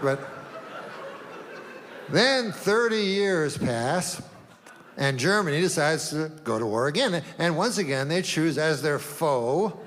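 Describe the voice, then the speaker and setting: A man performs stand-up in a deadpan, meandering way, his voice sitting a little high. The sound comes from a live stage recording with a long hall reverb. Faint room ambience hangs underneath. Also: noisy background. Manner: deadpan, rambling, with long setups. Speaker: stand-up comedian. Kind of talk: stand-up routine. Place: comedy stage.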